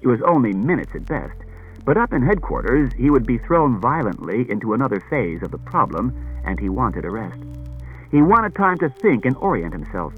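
A man's voice: medium pitch, big pitch swings, normal speed, phone-quality sound, soft background music. A man giving scripted audiobook narration, reading expressively.

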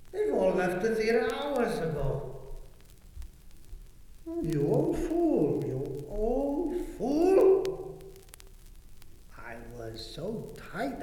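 A boozy old stage actor. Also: male voice, very high-pitched, warm tone, exaggerated voice. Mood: bleary. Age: older. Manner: theatrical, lurching between mutters and outbursts. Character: drunken aging male stage actor, 68, maudlin. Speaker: actor in audio drama. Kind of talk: dramatic stage monologue. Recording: roomy hall reverb with faint music.

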